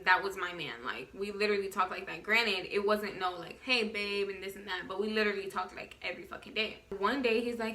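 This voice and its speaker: Young woman ranting thru a storytime, bright voice, fast n animated, cusses a lot. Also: mid-range voice. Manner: rapid, profane, animated storytelling. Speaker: vlogger. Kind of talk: casual storytime.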